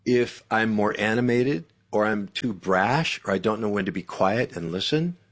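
A fairly low-voiced man talking as a guest author in a faith-based interview. His delivery is animated and emphatic, with a preacherly push behind his points. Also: normal speed.

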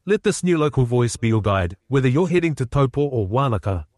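A man voicing a navigation app guide with a New Zealand accent, giving calm directions. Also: medium pitch, brisk, dry recording, clean studio sound, lightly acted. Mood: guiding. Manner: calm guiding announcements.

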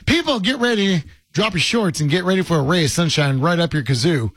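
Sarcastic husky radio host, lively pitch. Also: male voice, a little fast, dry recording. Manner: sarcastic, teasing, grumbling. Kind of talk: sports radio banter. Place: radio studio.

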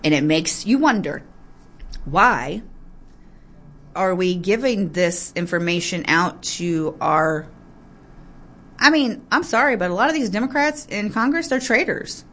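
A woman's voice: medium pitch, animated, fairly bright tone. A woman giving heated political commentary, ranting, apologizing in asides, and describing herself as getting worked up. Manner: fired-up, ranting, quick to get aggravated.

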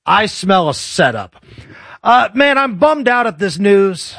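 A man with a high, light voice hosts a radio talk show in casual banter. His delivery is sardonic and joking. The sound is dry and close in a studio. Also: very animated, slow, vocal fry, fairly bright tone, dry recording.

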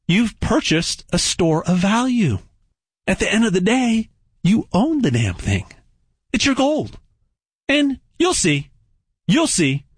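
Male pitchman, emphatic and repetitive, husky tone, dry close sound. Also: fairly bright tone, no room sound. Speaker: gold sales pitchman. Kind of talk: persuasive sales pitch.

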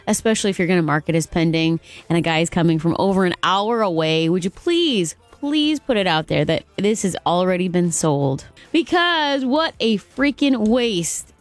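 A woman hosting a morning radio show, telling a story in an exasperated, animated way. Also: mid-range voice.

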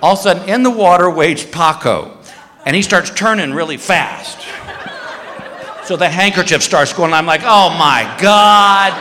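A stand-up comedian, a man, telling an animated story and acting out voices and screams on a live stage. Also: a little high, moderate pace, slight background noise. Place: comedy stage before an audience. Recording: live stage in a hall with crowd laughter.

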